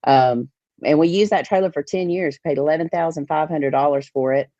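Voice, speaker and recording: A woman, a podcast guest telling a lively story about organizing fishing tournaments. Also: deep voice, a little fast, no echo. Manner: animated storyteller, acts out others' lines. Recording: dull, dry podcast audio.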